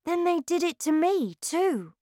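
Woman doing calm patient boy mouse voice, storybook, slow and lilting. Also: very high voice, no echo, clean studio sound, voice pushed up, heavily acted. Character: calm, sensible young boy turned into a mouse. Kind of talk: storybook reading.

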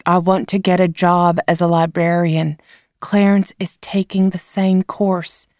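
A woman voicing a weary, gentle mother. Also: lowish voice, level tone, a little slow, no room sound, studio quality, close to an everyday voice. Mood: earnest.

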